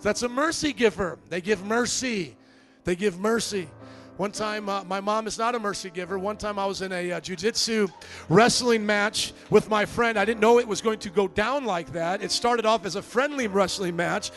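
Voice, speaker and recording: A man with a fairly high voice preaches to his church, animated and storytelling, slipping into little acted voices. Soft music sits faintly behind him. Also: moderate pace. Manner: lively storytelling, acts out quoted voices. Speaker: pastor. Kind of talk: sermon.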